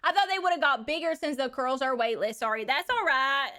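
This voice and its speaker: For a live stream character bit, a woman plays a brash, crude Texan trucker back from space, drawling and calling everyone "baby" with cheeky glee. Her voice sits high and sounds animated, a little fast, bright and forceful.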